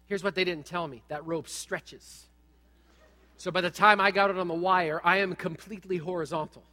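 Bright, high-voiced man preaching. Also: moderate pace, in a large hall. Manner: animated storytelling, humorous asides. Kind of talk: sermon with personal story.

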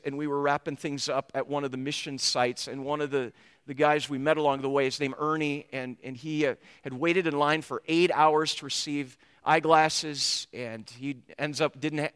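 Bright-voiced pastor in a reverberant hall. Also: male voice, on the high side, normal speed, smooth. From United States. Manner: animated storyteller who acts out the dialogue he retells. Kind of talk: storytelling sermon.

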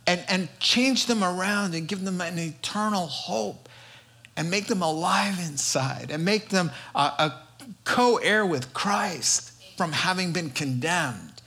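Emphatic bright-voiced male preacher. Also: a little high. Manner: emphatic, storytelling, repetitive rhetorical lists. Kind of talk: sermon.

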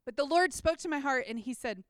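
A woman's voice: high voice, expressive, a little fast, a bit bright, no room sound. A woman sharing a personal faith testimony about a mission trip, talking casually and earnestly with many "like"s and restarts. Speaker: mission trip team member.

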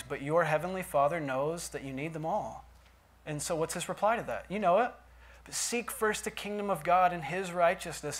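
A man preaching a sermon in a church, dropping to quiet asides and rising to loud emphatic lines. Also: on the high side. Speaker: pastor.

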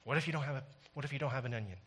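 With no congregation present, a pastor preaches a sermon very fast in a medium-pitched, fairly bright voice with a breathy edge. He shifts from wry joking asides into intense, emphatic preaching.

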